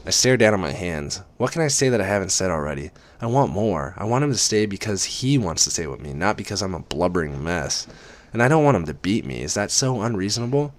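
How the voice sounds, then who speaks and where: Deep male reader, animated and sarcastic, close dry mic. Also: fairly quick. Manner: sarcastic, profane. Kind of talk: dramatic book reading with sarcastic asides.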